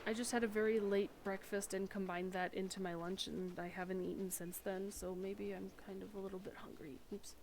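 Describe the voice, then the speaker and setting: A woman's voice: medium pitch, level tone, fairly quick, hardly any pauses, background noise. Chatty woman streamer rambling over a game. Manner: chatty, rambling, self-deprecating. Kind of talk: casual gameplay chat.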